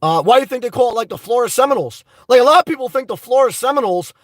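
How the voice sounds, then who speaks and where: A man hosting a live stream, reading viewer chat and ranting excitedly with lots of cursing and rambling fillers. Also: very high voice, racing, no room sound, rough recording.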